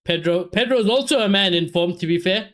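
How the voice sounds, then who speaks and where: A man, casually commentating a football match for his live chat and reacting loudly to chances. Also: high-pitched, a little fast. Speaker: streamer hosting a football watchalong.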